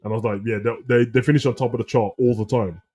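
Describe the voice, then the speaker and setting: A man, co-hosting a casual live chat, slangy and rambling, breaking into animated rants. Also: medium pitch, fast, breathy edge. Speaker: co-host.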